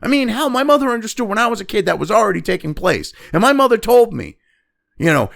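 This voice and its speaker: A man in his fifties delivers a profane, mocking opinion rant as the host of his own show. His voice sits high for a man and leaps around with lively swings in pitch. A gravelly fry runs through it as he sneers and swears. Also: fast talker. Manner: angry, mocking, heavy swearing. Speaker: political commentary host.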